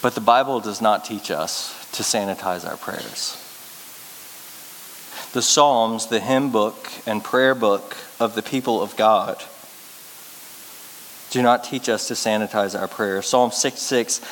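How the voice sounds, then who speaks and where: A male pastor giving a sermon, speaking earnestly and getting lively when he tells stories. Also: lowish voice, slow, long pauses. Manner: earnest storytelling preacher, lively when telling anecdotes. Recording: reverberant hall with faint hiss.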